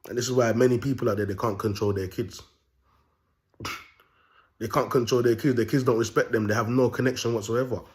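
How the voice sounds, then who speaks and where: A man's voice: mid-range voice, fairly even intonation, brisk, long pauses, darkish tone. A young man delivering an unscripted monologue as a self-styled prophet, talking raw and bold in street slang with rambling repeats.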